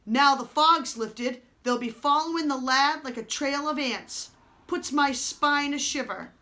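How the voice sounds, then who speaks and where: A woman voicing a nervous male outlaw sidekick who speaks in a higher, worried tone. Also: unhurried, bright, forceful tone.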